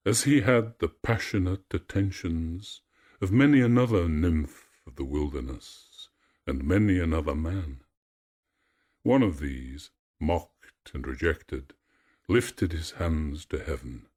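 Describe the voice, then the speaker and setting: A man narrating a myth in a measured, expressive storytelling voice. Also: very deep voice, slightly rough.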